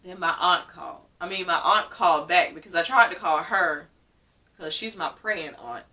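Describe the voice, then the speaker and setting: A woman's voice: lowish voice, moderate pace, bright, forceful tone, distant mic. A woman vlogger telling a personal story in a casual, emotional way, often repeating herself. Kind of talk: casual story-time vlog.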